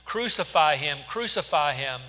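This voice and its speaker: A man shouting as a hostile crowd. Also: medium pitch, a little fast, natural voice. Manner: loud, shouted demands. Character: angry crowd of leaders, men, hostile and demanding. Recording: long hall reverb.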